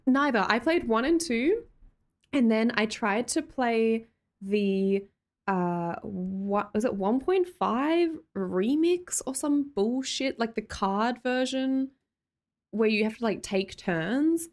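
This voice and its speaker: A woman's voice: fairly high pitch, slow pace, a little mellow. An Australian woman hosting a livestream, chatting casually and reading out viewer comments in a bubbly way, laughing often. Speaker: livestream host.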